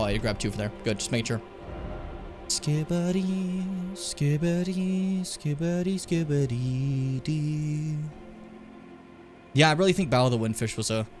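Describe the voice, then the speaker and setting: A man streaming a game, chatting casually and ranting with lots of swearing, loud one moment and muttering the next. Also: medium pitch. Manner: animated, swearing, ranting loudly then muttering. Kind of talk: casual gaming stream chat and rant.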